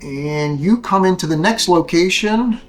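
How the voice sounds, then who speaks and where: A man's voice: high-pitched, measured pace. A man narrating as game master of a tabletop game, playful and teasing with his players. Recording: echoey room with faint music.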